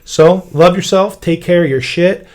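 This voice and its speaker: A man hosting a podcast, telling a story in casual motivational chat, animated and swearing freely. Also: high-pitched, measured pace. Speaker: podcast host.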